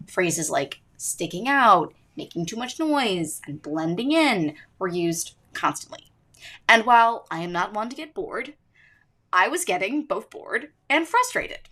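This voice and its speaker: A woman's voice: mid-range voice, big pitch swings, measured pace, fairly bright tone. A teenage girl hosting her own podcast, narrating with emphatic, swooping delivery. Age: teens. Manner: emphatic, rising and falling delivery. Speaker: student podcast host.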